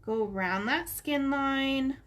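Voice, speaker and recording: A woman's voice: sits high, takes it slowly, a bit bright. A middle-aged woman in her home office, chatting unhurriedly as she gives step-by-step coloring instructions. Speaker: art instructor. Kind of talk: relaxed coloring tutorial.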